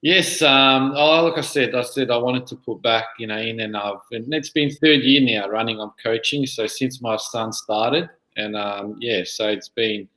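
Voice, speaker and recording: A man's voice: mid-range voice, normal speed, hardly any pauses, bright, forceful tone, roomy sound, low-quality recording. An Australian man in his thirties, a guest on a soccer podcast, talking casually and rambling with lots of fillers. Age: 30s. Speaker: guest player and junior coach. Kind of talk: casual interview chat.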